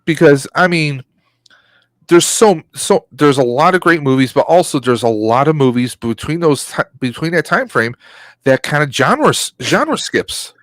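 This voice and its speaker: A man's voice: on the high side, animated, moderate pace, fairly bright tone, dry recording. A man co-hosting a podcast, chatting casually, joking and rambling with plenty of fillers. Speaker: podcast co-host.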